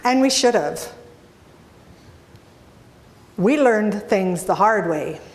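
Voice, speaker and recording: A Canadian woman giving a humorous talk as an inspirational speaker, telling animated stories and asking the audience questions. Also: mid-range voice, very slow.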